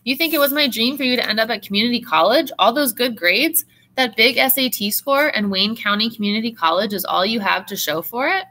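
A woman's voice: fairly low pitch, a little fast, hardly any pauses, sharp tone. A woman reading aloud as a strict older aunt, talking in a commanding, scolding way.

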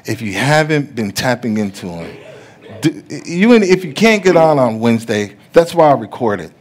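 A middle-aged man preaching a sermon as pastor, telling stories that act out other people's voices and building to loud preaching. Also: medium pitch, very animated, moderate pace. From USA. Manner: storytelling, rising to loud preaching; acts out the voices in his stories.

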